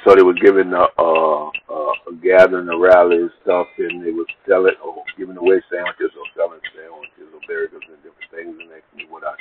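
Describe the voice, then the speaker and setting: A low-pitched man races through a long, rambling personal story with few pauses, his casual speech laced with profanity. He animatedly acts out the people involved, quoting their dialogue, on a dull lo-fi recording with faint noise.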